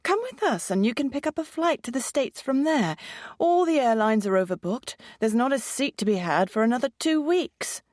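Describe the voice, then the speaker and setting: A woman's voice: fairly high pitch, expressive, a little mellow, no echo, studio quality, pitched above the performer's own voice, close to an everyday voice. A woman voicing a chatty, blunt traveler with a posh British accent. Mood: friendly. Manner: brisk, blunt, sociable.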